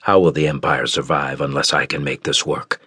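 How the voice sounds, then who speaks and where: Guy doing grave deep emperor, slow and solemn. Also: steady tone, sharp tone, breathy edge, no echo, studio quality, full character voice. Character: grave male emperor, resolved.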